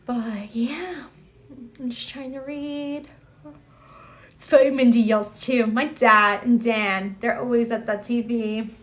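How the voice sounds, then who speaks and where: A woman's voice: on the high side, fairly even intonation, slow, a bit bright. A young woman hosting a live stream, chatting casually, greeting viewers by name and reacting with lots of exclamations. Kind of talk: casual chat reading viewer comments.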